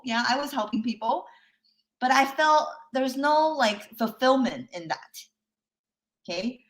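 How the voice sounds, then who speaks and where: A woman's voice: a little high, lively intonation, unhurried. Chatty woman coach checking in with listeners. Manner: chatty, checks in often with "okay?" and "right?"; laughs lightly between points. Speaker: life coach. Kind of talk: live online workshop talk.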